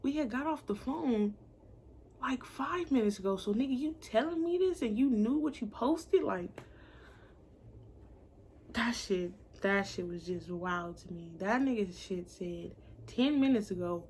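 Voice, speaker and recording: A woman's voice: fairly high pitch, lively intonation, unhurried, darkish tone, a little hiss or hum. A young woman telling a story in a casual vlog, blunt and profane, acting out the voices of the people she quotes.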